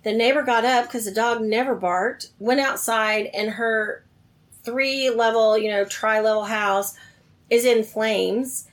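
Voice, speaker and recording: A middle-aged woman tells her life story in a relaxed conversation. Her voice sits a little high, and she turns animated when she acts out the people she quotes. She laughs between lines and then drops softer for the serious parts. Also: measured pace.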